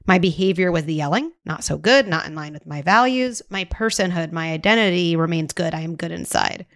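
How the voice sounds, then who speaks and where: A woman hosting a podcast who speaks thoughtfully and explains ideas clearly. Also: lowish voice, a little fast, fairly bright tone, no echo, clean studio sound. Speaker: podcast host. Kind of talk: conversational interview.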